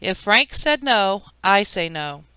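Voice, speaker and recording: A woman's voice: mid-range voice, very animated, takes it slowly, pushed and bright, smooth, no echo, full character voice. A woman reading an audiobook, voicing a harried mother who snaps at her son. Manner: snappish. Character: harried, sharp-tongued mother.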